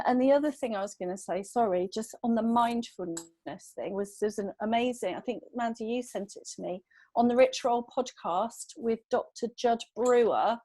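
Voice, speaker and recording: A woman in her thirties on a video call, talking casually in a group chat and telling a story in a lively, self-deprecating way. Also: mid-range voice, dry recording, low-quality recording. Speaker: podcast regular in sobriety group.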